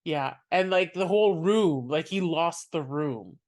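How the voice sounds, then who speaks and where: A podcast host in relaxed conversation, spinning a story with a chatty, laughing manner. The voice sits at a middling pitch, and the delivery is loose and conversational. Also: unhurried, a crowd in the background. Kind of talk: casual chat.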